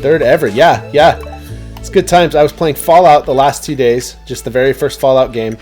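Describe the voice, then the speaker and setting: A man's voice: mid-range voice, normal speed, darkish tone, soft background music. A man chatting casually while streaming a game, rambling and talking to his viewers. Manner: rambling, chatty, many fillers and restarts.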